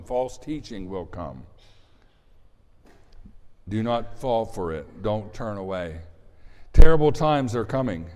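A man's voice: mid-range voice, darkish tone. Man in his sixties, pastor, sermon, conversational, repeats words, church sanctuary, long hall reverb.

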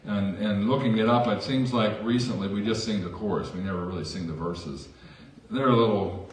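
A man's voice: fairly low pitch, moderate pace, recorded from a distance. A man preaching a sermon as pastor in a church, conversational with self-deprecating asides. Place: church sanctuary. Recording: echoey church hall from afar.

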